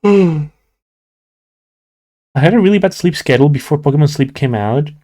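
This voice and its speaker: Yawning and sleepy, a young streamer draws and chats casually with his viewers, rambling with repeated "like" fillers and starting over often. His voice is mellow, a little high and animated, at normal speed.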